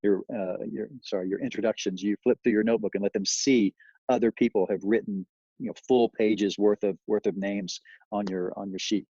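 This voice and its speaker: A man's voice: on the low side, steady tone, a little fast, mellow, husky, no room sound, dull audio. A man giving a sales training talk, rambling with many fillers and acting out lines he would say to customers.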